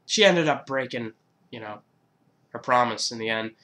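Young male vlogger, twenties, loose casual delivery with swearing, average pitch. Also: animated, moderate pace, bright, forceful tone. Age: 20s. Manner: loose, swearing, laughs at himself. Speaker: YouTuber. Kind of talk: casual countdown vlog.

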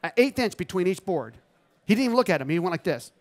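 A man in his fifties, a photographer giving an animated, motivational storytelling talk on a trade show stage. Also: sits high, quick pace. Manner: animated, acts out quoted dialogue.

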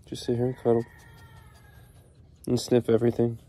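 A man's voice: medium pitch, completely flat delivery, moderate pace, mellow. A man keeping an animal sanctuary, chatting casually to viewers as he feeds the animals and talking to them affectionately. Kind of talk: casual vlog while feeding animals.

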